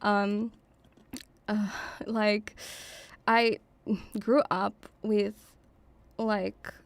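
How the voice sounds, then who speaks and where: A young woman streamer of mixed Lithuanian and Russian background, rambling casually with frequent giggles and sudden excited put-on voices. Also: medium pitch, drawn-out words, dry recording. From half Lithuanian, Russian father, raised in many countries. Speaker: VTuber streamer. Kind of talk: casual livestream chat.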